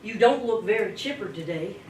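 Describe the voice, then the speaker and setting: A woman voicing a big, tough but dim-witted male wolf in a spoken folk tale, with a slow folksy drawl. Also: mid-range voice, expressive, darkish tone, lightly acted. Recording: echoey room, distant mic, faint hiss.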